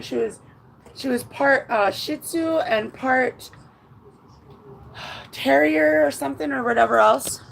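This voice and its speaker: A woman talks to her viewers from home in a high voice with a gravelly edge. She rambles through her feelings, swears freely and sounds close to tears. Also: a little hiss or hum, poor audio. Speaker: vlogger. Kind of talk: casual chat to viewers. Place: at home indoors.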